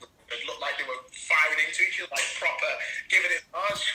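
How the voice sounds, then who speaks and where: A man in his forties, a racing driver turned commentator, telling stories in animated casual chat. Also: on the high side, a little fast, noisy background. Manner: animated storytelling with laughs. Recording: echoey room.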